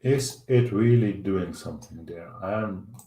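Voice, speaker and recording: A man with a Dutch accent hosting a live stock market show, thinking aloud over charts with halting fillers. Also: sits low, mellow, roomy sound. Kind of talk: live trading chart commentary.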